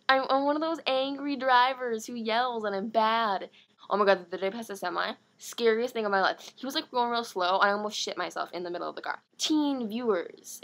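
A teenage girl vlogging in a casual, rambling, self-mocking way, talking in quick bursts. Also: a little high, a bit bright. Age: late teens. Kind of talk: casual vlog monologue.

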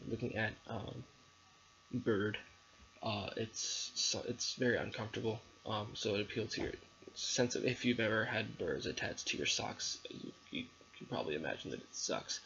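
Low-ish, creaky and a bit bright, this young man's voice delivers a recorded literary analysis of a poem. He hesitates, says um a lot and keeps restarting, and the lo-fi audio is dull with faint background noise.

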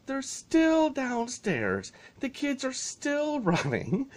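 A man's voice: very high-pitched, huge pitch swings, slow, few pauses. A man telling a story in a casual vlog, exasperated and sarcastic, swearing freely. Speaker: vlogger.

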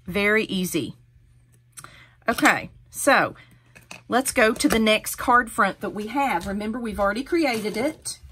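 A woman's voice: mid-range voice, animated, measured pace, pushed and bright, a little hiss or hum. Host, female, middle-aged: chatty, encouraging craft demonstrator, step-by-step delivery.

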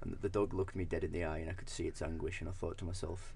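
Deadpan young man telling a tall tale. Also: sits low, slight background noise. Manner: deadpan, halting with restarts. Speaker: podcast co-host. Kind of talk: deadpan comic storytelling.

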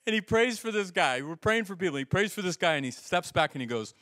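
A male pastor preaching a sermon in an animated storytelling way, acting out the voices in his stories. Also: high-pitched, normal speed, dry recording, studio quality.

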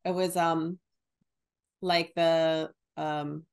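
A woman's voice: sits low, level tone, drawn-out words, clean tone. A woman from New Jersey and New York, co-hosting a podcast in casual chat, laughing often and imitating phrases. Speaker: podcast co-host.

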